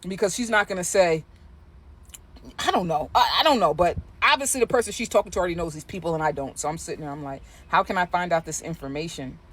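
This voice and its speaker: A vlogger telling a gossipy story casually, swearing freely with animated asides. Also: mid-range voice, fast.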